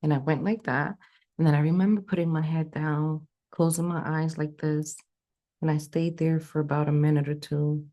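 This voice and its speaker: Low-voiced woman telling a gripping story. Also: normal speed, highs cut off. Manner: animated, acts out quoted dialogue. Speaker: psychic medium guest. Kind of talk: emotional storytelling.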